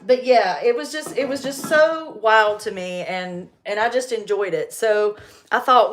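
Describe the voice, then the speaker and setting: A woman, chatting casually and animatedly on a livestream, quick to laugh. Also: medium pitch, fairly bright tone. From North Carolina.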